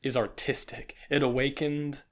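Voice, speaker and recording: A man co-hosting a podcast, rambling excitedly with lots of fillers in casual chat. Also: mid-range voice, normal speed. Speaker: podcast co-host.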